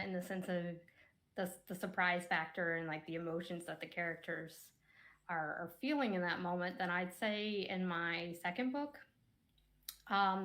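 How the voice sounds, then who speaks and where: A woman with a slightly low voice speaks as a guest author on a video call. She talks haltingly, circling back over her words, and laughs lightly now and then. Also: a bit bright. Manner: hesitant, many fillers and restarts, laughs lightly. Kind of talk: casual panel discussion.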